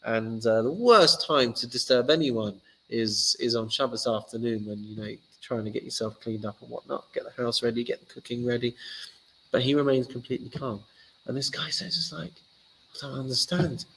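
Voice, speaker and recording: A man, a rabbi giving a casual teaching talk and telling stories lively, acting out the characters. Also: mid-range voice, moderate pace, slightly rough, rough recording.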